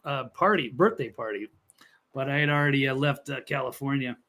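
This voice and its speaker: A man's voice: mid-range voice, fairly quick, pushed and bright. A man co-hosting a casual podcast chat in an easygoing, laid-back way. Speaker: co-host.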